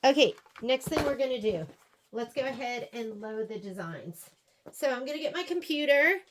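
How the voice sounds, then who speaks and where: Woman with a slightly high voice doing a chatty craft tutorial, talks to herself as she clicks through stuff. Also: animated, normal speed. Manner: chatty, talks to herself while working, asides to viewers. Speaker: sewing and crafting instructor. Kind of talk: casual step-by-step software tutorial.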